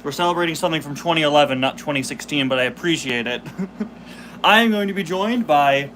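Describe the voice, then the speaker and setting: A man's voice: fairly high pitch, a little fast, fairly bright tone, slight background noise. A man in his twenties hosting a casual live stream, chatting, laughing and reading the chat aloud while chewing candy. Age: 20s. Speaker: host.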